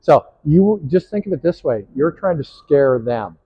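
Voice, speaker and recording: High-voiced upbeat male coach. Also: lively intonation, unhurried, breathy edge, lo-fi sound. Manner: upbeat, encouraging, calls out praise. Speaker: pickleball coach. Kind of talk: on-court coaching.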